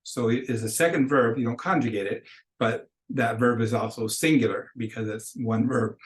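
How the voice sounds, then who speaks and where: A man gives a recorded beginner Spanish lecture. He talks at a middling pitch and walks through the grammar patiently, step by step. He reads example phrases aloud for students to repeat. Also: normal speed, low-quality recording. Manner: patient, explains step by step, models phrases for repetition. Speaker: Spanish teacher.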